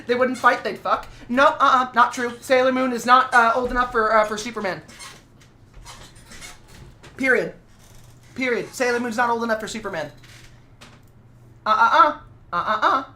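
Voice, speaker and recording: High, bright-voiced streamer woman. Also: normal speed, long pauses. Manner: playful, profane, puts on a mock Cockney accent. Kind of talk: casual live-stream chat while drawing.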